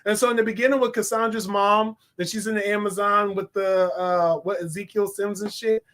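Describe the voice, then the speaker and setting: A man giving a casual, animated movie review, laughing often and talking in loose slang. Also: high voice, fairly quick. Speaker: film reviewer.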